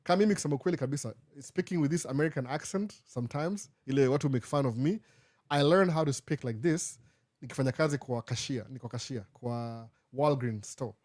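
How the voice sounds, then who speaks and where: Male host, live Q&A, casual, code-switching, dry close sound, mid pitch. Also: fairly quick, a little mellow, no echo. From Kenya. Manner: casual, mixes English with Swahili phrases. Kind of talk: live Q&A answering viewer questions.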